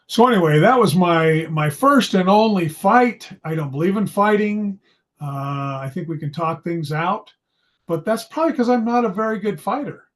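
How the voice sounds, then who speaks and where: A psychology video host and storyteller from Idaho, USA, describes something from his school days in a high-pitched, animated voice at normal speed. His tone is casual, and he uses anecdote and self-deprecating humor.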